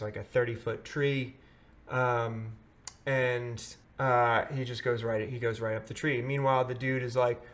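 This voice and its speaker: A man's voice: mid-range voice, fairly bright tone. A man vlogging, telling a story in a casual, rambling way with many fillers and restarts.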